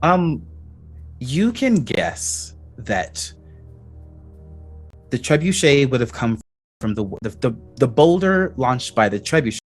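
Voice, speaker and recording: A man running a tabletop game as game master, describing scenes in halting bits. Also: mid-range voice, sing-song, soft background music.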